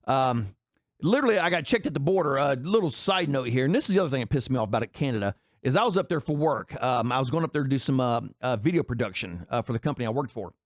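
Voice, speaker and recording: A man's voice: mid-range voice, animated, fast talker, no room sound, studio quality. An American man ranting angrily in profane commentary, rambling through a story and a political complaint. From United States. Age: adult.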